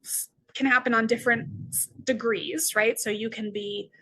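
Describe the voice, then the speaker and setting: A woman's voice: on the high side, steady tone, moderate pace, pushed and bright, slight background noise. A woman teaching a philosophy lecture, explaining step by step and tagging her points with frequent questions to the class. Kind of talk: recorded lecture.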